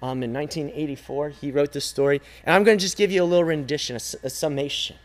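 Youth pastor, male, higher voice, emphatic repetitive preaching with pauses. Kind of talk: sermon.

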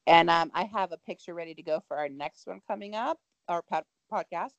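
A woman's voice: on the low side, fairly quick, vocal fry, no echo, lo-fi sound. A young adult woman co-hosting a podcast in a bubbly, exclaiming casual chat. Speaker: podcast co-host.

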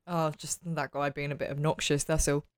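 A woman's voice: deep voice, level tone, fairly quick. A woman playing in a tabletop game, wry and casual, often restarting her sentences. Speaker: player.

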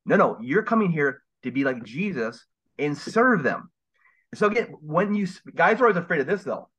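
A man's voice: fairly high pitch, very animated, moderate pace, fairly bright tone, husky. A man speaking as a guest on a podcast, earnest and emphatic, with a preaching manner. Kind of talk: casual podcast interview. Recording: dull lo-fi sound.

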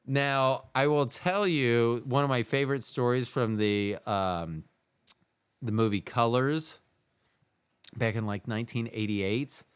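A man's voice: medium pitch, takes it slowly, clean tone. A man co-hosting a podcast, chatting casually in a rambling, jokey way that runs off on tangents. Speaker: podcast co-host.

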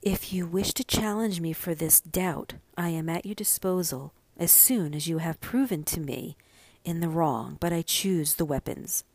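A woman's voice: on the low side, unhurried, darkish tone, dry recording. A woman reading a scornful young bridegroom. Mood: hushed taunt. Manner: cold, contemptuous taunting.

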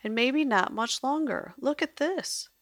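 A woman voicing a clever, wry male musician who thinks out loud in a read-aloud story. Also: high-pitched, lively intonation, a little slow, no room sound, studio quality, voice pushed up, heavily acted. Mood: explaining.

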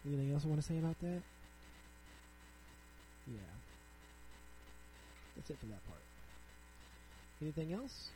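Young male podcast host, casual and rambling, mellow tone, light hum in the background. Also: on the high side, expressive, unhurried, pauses often, poor audio. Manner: chatty, frequent "like", reads articles aloud then riffs. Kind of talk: casual solo podcast commentary.

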